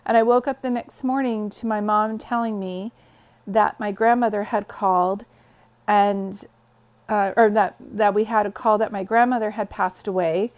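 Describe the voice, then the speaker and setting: A woman's voice: medium pitch, fairly even intonation, moderate pace, a little mellow. A woman hosting a casual phone livestream from her bed, greeting viewers and telling stories in a chatty way. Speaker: psychic medium livestream host. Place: bedroom, sitting on bed.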